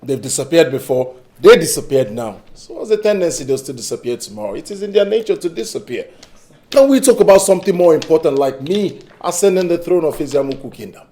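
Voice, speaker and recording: Smug nigerian-accented prince, sneering, voice jumping all over. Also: male voice, a little high, sing-song, fast talker, dark tone. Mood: mocking. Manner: mocking, dismissive and theatrical. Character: arrogant scheming young prince craving the throne. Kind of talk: Nollywood film acting.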